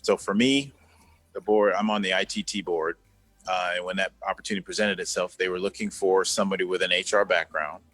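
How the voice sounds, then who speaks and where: A man's voice: deep voice, fairly even intonation, brisk, fairly bright tone, no echo. A man in his fifties, a former executive, talking earnestly as an interview guest and repeating words for emphasis over a video call. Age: 50s. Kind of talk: conversational interview.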